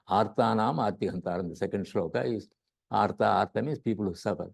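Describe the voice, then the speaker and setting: A man's voice: on the low side, brisk, creaky. A man with an Indian accent giving a lecture on scripture as a yoga teacher, often repeating words and checking in with "right?".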